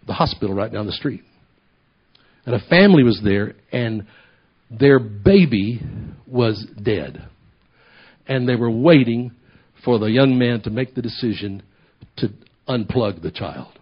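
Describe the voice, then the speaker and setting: Husky preacher man telling stories. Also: mid-range voice, lo-fi sound. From Oklahoma ministry, United States. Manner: animated storytelling, acts out voices, repeats phrases. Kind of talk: sermon storytelling.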